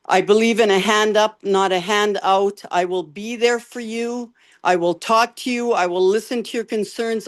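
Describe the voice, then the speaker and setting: An older woman, a candidate giving an emotional, halting closing statement over a video call, often repeating words. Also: mid-range voice. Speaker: election candidate.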